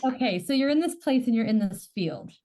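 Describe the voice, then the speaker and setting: A woman's voice: on the high side, lively intonation, fairly quick, mellow. A woman hosting a podcast, chatting casually and searching for words as she describes something. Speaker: podcast host. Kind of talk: casual chat.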